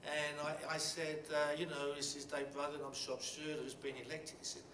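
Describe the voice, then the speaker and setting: Middle-aged man, fairly high voice, halting blunt storytelling, roomy hall, distant mic, background noise. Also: level tone. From England. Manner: halting, many restarts and fillers, blunt and swearing. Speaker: panel speaker. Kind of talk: storytelling at a panel talk.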